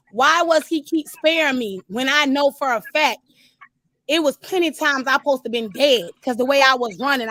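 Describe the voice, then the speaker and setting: High-voiced woman telling her story. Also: no echo. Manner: animated storytelling, talks straight to listeners. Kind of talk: casual testimony.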